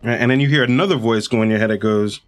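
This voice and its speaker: A man's voice: medium pitch, quick pace, faint music behind. A man running a tabletop game as game master, describing scenes casually with fillers.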